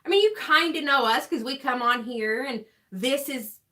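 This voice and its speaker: A woman's voice: high-pitched, normal speed, pushed and bright. A woman, co-hosting a casual livestream, reading out viewer comments in a chatty, teasing way. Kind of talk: casual live-stream chat.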